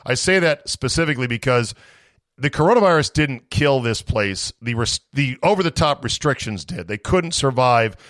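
A man hosting a sports talk show, blunt and quick with questions. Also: mid-range voice, expressive, a bit bright, dry recording.

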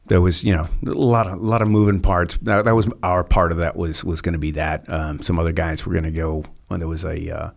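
Low gravelly man telling stories. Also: a little fast, few pauses. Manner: relaxed anecdotes with quoted voices and many fillers. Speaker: podcast guest, former Navy SEAL. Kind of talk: casual storytelling interview.

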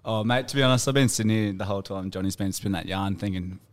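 A man's voice: fairly low pitch, clean tone. A man with an Australian accent, spinning a yarn as a podcast co-host. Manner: quick, chatty yarn-spinner. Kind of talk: casual storytelling among mates.

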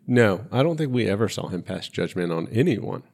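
Lively, animated podcast guy. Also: on the low side, brisk, vocal fry, slightly rough. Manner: animated, swearing, laughs often. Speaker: podcast co-host. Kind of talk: casual chat.

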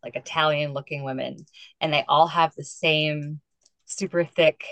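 A woman's voice: low voice, steady tone, unhurried, fairly bright tone, no echo. A woman chatting casually on a podcast in a self-deprecating, laughing manner.

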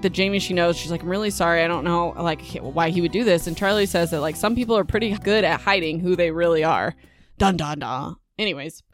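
A young woman hosting a book podcast, recapping chapters in a chatty, rambling way with animated asides. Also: on the low side.

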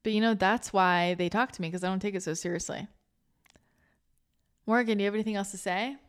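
A woman hosting a spiritual podcast, chatting casually in a rambling, animated way, full of restarts, laughter and casual swearing. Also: medium pitch, a little fast, clear, resonant tone. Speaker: spiritual channeler and podcast host.

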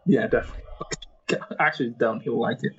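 A chatty, well-informed man co-hosting a laid-back watchalong podcast. His voice is husky, and the recording sounds dull and lo-fi. He laughs often as he talks. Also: mid-range voice, fast talker. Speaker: podcast co-host. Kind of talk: casual watchalong chat.

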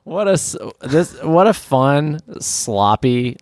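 A man co-hosting a podcast, riffing easygoingly, laughing often and quick to agree. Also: on the high side, expressive, no echo, studio quality. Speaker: podcast co-host. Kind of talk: improvised comedy riffing.

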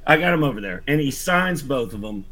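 Man, rambling storyteller, lots of "like", mid pitch, casual podcast chat. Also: lively intonation, a little fast, pushed and bright. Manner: rambling, full of "like" and restarts, acts out quotes.

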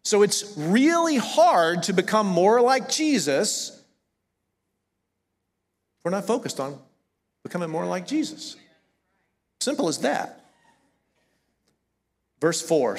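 High-voiced pastor with a Southern accent. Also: male voice, sing-song, slow pace, pauses often, long reverb tail. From American South. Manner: conversational, self-correcting, emphatic. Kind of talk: sermon. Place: church sanctuary.

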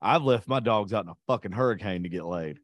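A man's voice: fairly low pitch, fast, no echo. A man, a podcast co-host in crude casual chat, telling boastful stories and acting out quotes. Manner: profane, boastful storytelling with animated quoting.

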